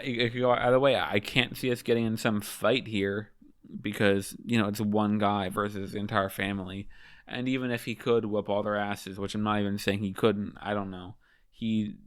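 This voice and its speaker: A man with a slightly low, smooth, resonant voice rambles through offhand manga commentary, cursing freely. He sounds high and loose, drifting from one thought to the next. The sound is dry and close. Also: no room sound. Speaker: manga chapter reviewer.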